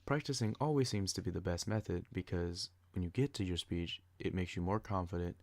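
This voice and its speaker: Young guy with a real low voice reading his class podcast off a script, dry close sound. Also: a little fast, a little mellow, dry recording. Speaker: student podcaster.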